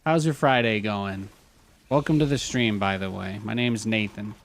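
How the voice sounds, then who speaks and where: Young male streamer, gravelly lowish voice, rambling live game commentary. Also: moderate pace, slight background noise. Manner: chatty, rambling with repeated phrases.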